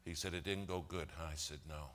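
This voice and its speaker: A man's voice: sits low, fairly even intonation, brisk, fairly bright tone, a little hiss or hum. A man telling a long church story as a sermon, acting out the quoted dialogue of the people in it.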